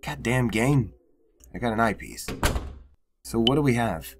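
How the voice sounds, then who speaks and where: A man's voice: mid-range voice, unhurried, noisy background. A young man commentating casually on a horror game, swearing often and getting exasperated. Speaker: gamer. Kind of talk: let's play commentary.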